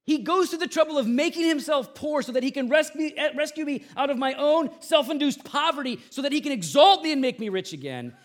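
Male pastor, high voice, animated sermon delivery, chatty storyteller with punchy loud bursts and soft drops. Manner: animated, swings between loud emphatic peaks and quiet asides; conversational storytelling with self-deprecating humor.

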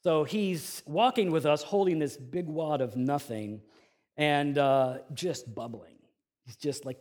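A middle-aged male pastor preaching a sermon, telling a story in a relaxed conversational way with fillers. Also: medium pitch, measured pace.

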